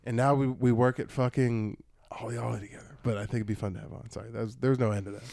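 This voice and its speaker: A man's voice: mid-range voice, little pitch movement, fast talker, creaky, darkish tone, no room sound. Rambling, swearing young man on a dry mic. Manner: rambling, swears a lot, restarts often. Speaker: podcast co-host. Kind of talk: casual podcast chat.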